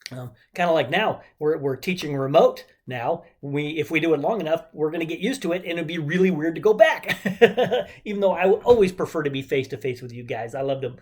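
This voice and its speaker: A low, somewhat dark female voice belongs to a chemistry instructor giving a casual online lesson. She chats freely and tosses in jokes as she counts out loud.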